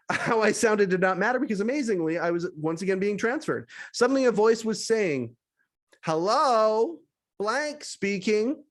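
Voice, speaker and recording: A high-voiced man from western Canada reads his own essay aloud as a podcast host. He tells it with animated energy and drops wry asides to his listeners. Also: a little fast. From British Columbia, Canada. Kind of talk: reading a personal essay aloud.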